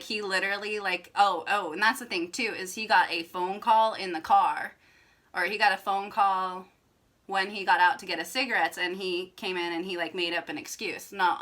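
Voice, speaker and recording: Young woman vlogger, slightly low but bright tone, chatty emphatic storyteller. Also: fairly even intonation, normal speed. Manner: chatty, filler-heavy with frequent "like", emphatic. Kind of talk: casual storytelling to camera.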